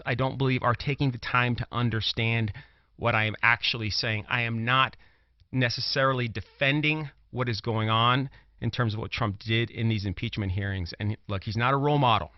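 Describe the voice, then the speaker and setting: A Brooklyn, New York man, a commentator and former prosecutor, argues his point on a political commentary talk show, hitting words hard and repeating phrases. His voice sits at medium pitch, with no echo, and the recording sounds dull, lo-fi and dry.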